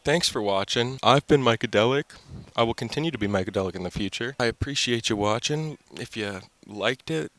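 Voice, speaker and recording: A man's voice: medium pitch, a little fast, fairly bright tone, dry recording. A young man rambling in a goofy, upbeat way as he hosts his own vlog, recorded outdoors by the water. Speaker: channel host. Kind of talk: casual vlog chat.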